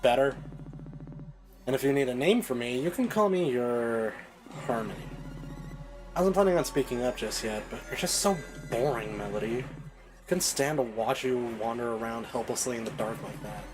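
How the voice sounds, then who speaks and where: A sarcastic mirror-image young woman who picks apart her other self, as a man voices her on stream. The taunting is dry and mocking at a mid pitch. Game music plays clearly underneath. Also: lively intonation, normal speed, natural voice, poor audio. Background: game soundtrack music.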